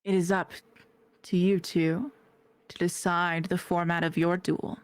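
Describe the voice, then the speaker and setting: Woman doing a male divine herald, ceremonial, formal, slow, dry close sound. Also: on the low side, little pitch movement, no echo, natural voice. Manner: stately, ceremonial.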